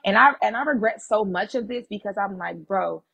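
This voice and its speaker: A woman guest on a podcast, telling a personal story in a casual, animated and blunt way, swearing freely. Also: medium pitch, a little fast, gravelly, husky, lo-fi sound.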